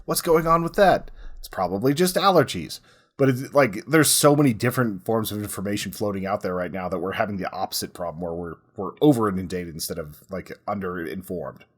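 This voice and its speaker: A man co-hosting a casual history podcast, explaining in a relaxed way with lots of "like" as filler. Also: lowish voice, a little fast, slightly rough. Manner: relaxed, says "like" a lot while explaining. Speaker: podcast co-host.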